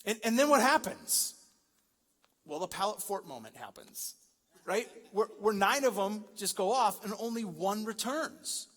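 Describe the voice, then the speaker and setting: This pastor's voice is high-pitched, a bit bright, and expressive, and he takes an unhurried pace. Preaching in a large church hall with long reverb, he jokes conversationally before building to forceful peaks.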